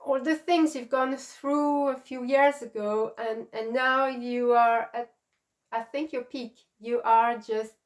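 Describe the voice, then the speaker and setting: A middle-aged woman chats through her crochet vlog in an unhurried, affectionate way. She gushes and gets emotional easily. Her voice sits a little high. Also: fairly even intonation. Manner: warm, gushing, emotional. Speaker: crochet channel host. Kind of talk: casual vlog chat.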